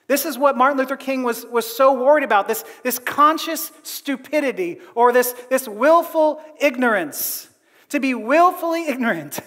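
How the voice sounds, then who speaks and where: A pastor gives a chatty, animated sermon in a church, often slipping a laugh between phrases. His voice sits high for a man. Long reverb from the hall trails after each line. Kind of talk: conversational sermon.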